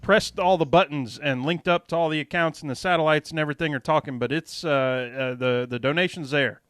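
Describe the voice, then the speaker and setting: Relaxed, hesitant man, dry sound. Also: fairly high pitch, brisk, dry recording. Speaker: podcast co-host. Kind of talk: casual chat.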